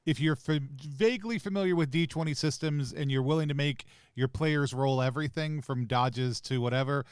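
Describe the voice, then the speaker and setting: A man's voice: a little high, moderate pace, clear, resonant tone, no echo, studio quality. A man hosting a casual live interview, passing on a viewer's question in a conversational way. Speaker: host.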